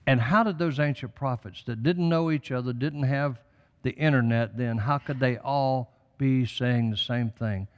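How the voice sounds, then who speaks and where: A man's voice: mid-range voice, normal speed, clear, resonant tone, in a large hall. An older man, a guest on a talk show, speaking with emphatic, preacherly conviction about faith and prophecy. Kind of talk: impassioned religious talk.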